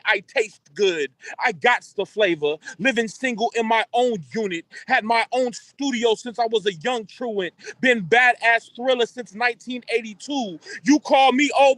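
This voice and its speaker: Defiant high-voiced slam poet man. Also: a bit bright, dry recording. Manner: rhythmic, defiant rhyming delivery. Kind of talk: spoken word poetry performance.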